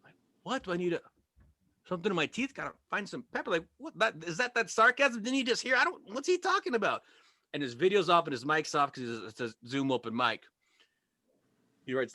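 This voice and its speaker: A man performing stand-up over a video call, his bright, slightly high voice leaping up and down as he spins wry stories toward each punchline. The sound is close and dry, with no room around it. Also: sing-song, quick pace, no echo. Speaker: stand-up comedian. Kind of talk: stand-up set. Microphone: video call microphone.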